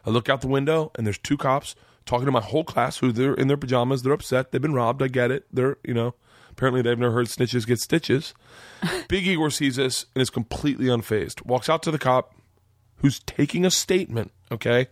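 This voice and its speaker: A man in a comedic podcast interview, telling a story in an animated, profane way. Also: mid-range voice, dry recording, clean studio sound. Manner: animated, profane, fast-building punchlines.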